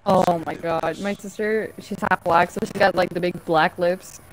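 A woman's voice: lowish voice, steady tone, normal speed, poor audio. A young adult woman streaming a game, chatting casually in a giggly, rambling way and swearing freely. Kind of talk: casual gaming chat.

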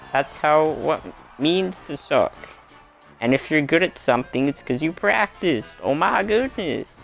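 Young guy slowly rambling over a racing game, a bit high voiced, faint music behind. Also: vocal fry. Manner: self-mocking, excitable, talks to himself. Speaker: gameplay streamer. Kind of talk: casual let's-play commentary.

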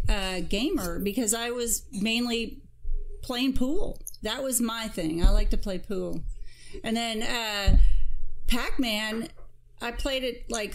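A woman in her fifties, a podcast guest, chatting casually and unhurriedly with plenty of fillers and pauses. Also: fairly high pitch, a little hiss or hum. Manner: unhurried, hesitant with many fillers.

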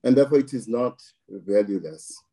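A man from South Africa giving political commentary in an interview, slow and deliberate, weighing his words with occasional restarts. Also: mid-range voice, lively intonation, mellow, rough recording. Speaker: political analyst.

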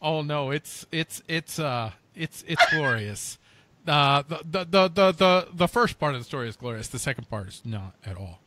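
A man's voice: a little high, lively intonation, normal speed, sharp tone, no room sound. A man co-hosting a podcast, playfully reading out odd news stories with mock outrage. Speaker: co-host.

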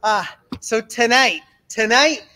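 Man, rabbi, lecture, energetic, animated storytelling, emphatic repeats. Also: extremely high pitch, slow, slight background noise. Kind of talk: lecture with slides.

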